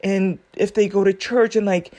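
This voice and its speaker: Woman reacting to a court clip, earnest, rambling, mid-pitched. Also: fairly even intonation, moderate pace, mellow. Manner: earnest, rambling, thinks aloud with many fillers. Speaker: commentator reacting to a court video. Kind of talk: casual commentary.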